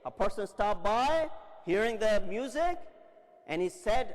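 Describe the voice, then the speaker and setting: A man's voice: sits high, expressive, moderate pace, a little hiss or hum. A male preacher giving a religious lecture, telling stories dramatically and acting out the dialogue. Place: large Islamic center hall. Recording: long reverb in a large hall.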